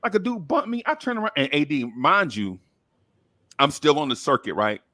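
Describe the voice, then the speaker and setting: A man's voice: fairly high pitch, moderate pace. A man, telling a long story in casual chat and acting out the other people's voices. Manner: animated storyteller, acts out voices. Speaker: podcast co-host.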